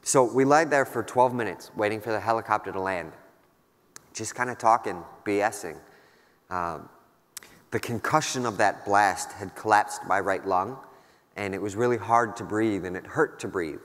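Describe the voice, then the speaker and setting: A man's voice: lowish voice, moderate pace, fairly bright tone. A man in his thirties giving a keynote talk, telling a personal war story in a candid, casual, wry way with lots of fillers. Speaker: keynote speaker. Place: large conference hall. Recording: long hall reverb.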